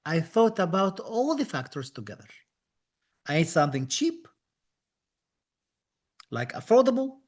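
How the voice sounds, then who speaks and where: A high-pitched man with as a teaches a live online dental exam class. He talks with eager enthusiasm, repeating key phrases to encourage his students. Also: big pitch swings, measured pace, long pauses. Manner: enthusiastic, reads out viewer comments, repeats phrases.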